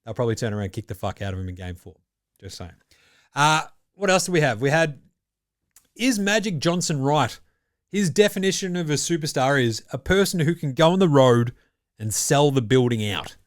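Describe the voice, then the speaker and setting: Sweary Australian bloke hosting a sports show. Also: male voice, on the high side, animated, fairly quick, no room sound, clean studio sound. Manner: profane, blokey banter. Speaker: basketball podcast host. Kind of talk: casual sports chat.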